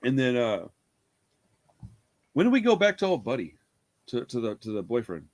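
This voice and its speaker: A man's voice: medium pitch, wildly swooping pitch, normal speed. A man casually retelling a horror film, rambling, laughing often and swearing freely. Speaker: podcast co-host reviewing a horror film. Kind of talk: casual profane chat.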